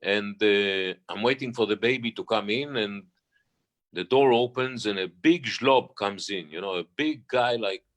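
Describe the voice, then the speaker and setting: A man, a guest stage singer, telling a personal story in an interview with many restarts. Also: fairly low pitch. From Israel. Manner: halting, restarts often, animated retelling.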